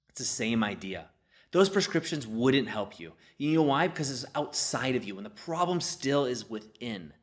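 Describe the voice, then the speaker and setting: A man's voice: medium pitch, big pitch swings, normal speed. A middle-aged man, a business lifestyle coach, telling motivational stories in a casual, conversational way with frequent "you know" asides. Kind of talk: motivational storytelling talk.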